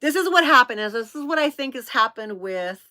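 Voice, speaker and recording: A woman's voice: fairly high pitch, lively intonation, a little fast, bright, forceful tone, dry recording. A woman in her fifties hosting a vlog, telling a rambling story to her viewers in a chatty way, laughing often and calling them "y'all". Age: 50s. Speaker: vlog host.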